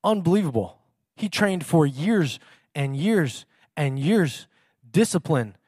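A man's voice: on the high side, animated, takes it slowly, darkish tone, breathy edge, dry recording, studio quality. A man preaching a casual sermon in a chatty, self-mocking way, laughing often.

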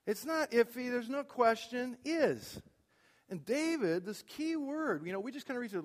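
A middle-aged man preaching a sermon in a church, swinging from loud emphatic declarations to quiet asides. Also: very high voice, animated, moderate pace. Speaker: pastor. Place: church sanctuary. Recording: long hall reverb.

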